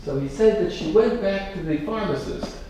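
A man giving a sermon as a rabbi, telling a story with lively, repeated words and restarts. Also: high voice, normal speed. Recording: echoey room from far off, noisy.

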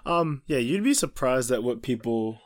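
A man's voice: medium pitch, animated, normal speed. A man chatting casually on a podcast, giving opinions and often restarting his sentences. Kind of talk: casual chat.

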